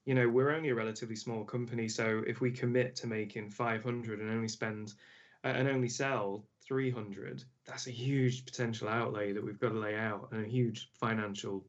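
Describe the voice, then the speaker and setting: A man co-hosting a casual chat over a call, explaining things in a relaxed, rambling way. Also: fairly low pitch, normal speed. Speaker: co-host. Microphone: remote call audio. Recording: dull lo-fi call audio.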